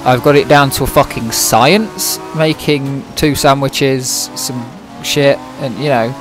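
A man's voice: medium pitch, slow. A British man streaming a game, chatting casually in a dry, sarcastic-sounding way with plenty of swearing, close to the mic. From Britain. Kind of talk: casual livestream chat. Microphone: microphone close in front of the mouth. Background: music playing.

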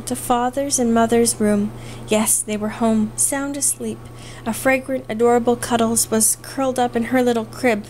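A woman narrating a classic novel aloud in a measured, expressive reading. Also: on the high side, a little hiss or hum, rough recording. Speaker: audiobook narrator. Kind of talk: scripted narration.

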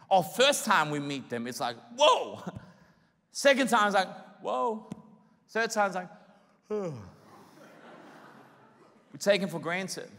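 Animated high-voiced male pastor. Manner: animated, acts out voices of people. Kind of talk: sermon. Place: large church hall. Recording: reverberant church hall.

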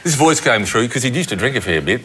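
A man telling a lively anecdote on a comedy panel, laughing through his punchlines. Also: medium pitch, fast. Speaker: panel guest. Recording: noisy TV studio audio.

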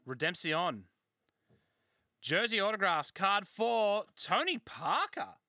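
A man hosts a card break, joking and hyping every pull. His voice is high, bright and forceful, and it leaps up and down constantly. The close, dry sound has almost no room echo. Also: slow. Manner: excitable, banters and jokes while calling out pulled cards. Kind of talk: live case break commentary.

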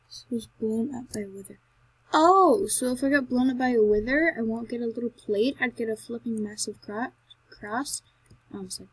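Woman, gameplay commentary, chatty, excitable, bright sharp voice, breathy. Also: dry recording, rough recording. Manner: excitable, with sudden loud high outbursts; chatty, talks to herself and to the animals in the game. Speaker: Minecraft let's player.

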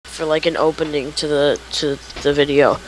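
Panicky voice on gaming chat. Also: female voice, deep voice, steady tone, moderate pace, a little hiss or hum, poor audio. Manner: panicky, repeats exclamations. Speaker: gaming co-player.

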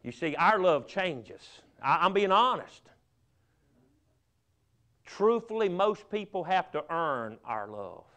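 A man preaching a fervent revival sermon, swinging from loud emphatic bursts to hushed, drawn-out pleading. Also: fairly high pitch, sing-song. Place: church sanctuary.

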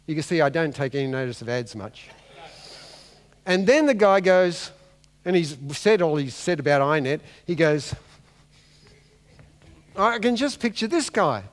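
In a large church hall full of long reverb, a man with a slightly high, expressive voice preaches unhurriedly, leaving long pauses. The pastor acts out the characters of a Bible story and delivers it with comic energy.

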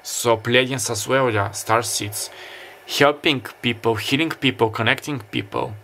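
A man with a sharp-toned, mid-range voice offers a pick-a-card tarot reading, musing and halting with lots of fillers and restarts. Summer beach ambience drifts faintly in the background.

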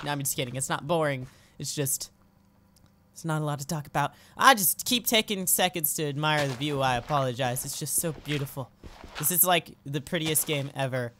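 A young adult let's play host giving goofy, excitable commentary over gameplay, often breaking into squeals. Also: medium pitch, fairly quick, slight background noise.

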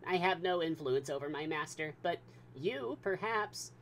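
A man voicing a devoted, remorseful male servant who pleads loudly. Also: a little high, animated, unhurried, a little hiss or hum, pitched above the performer's own voice. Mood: pleading. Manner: loud, pleading, anguished.

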